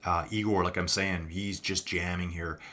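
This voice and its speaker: A man's voice: low-pitched, little pitch movement, normal speed, pushed and bright, a little hiss or hum. A man giving live, chatty commentary on a virtual cycling race, talking to his viewers as folks and reading out the chat.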